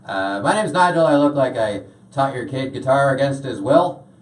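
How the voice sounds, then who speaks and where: Performing stand-up in a tiny washroom turned stage, a young man rambles and fills his set with uhs. His medium-pitched voice has lively intonation at a moderate pace, heard from a distance in an echoey space.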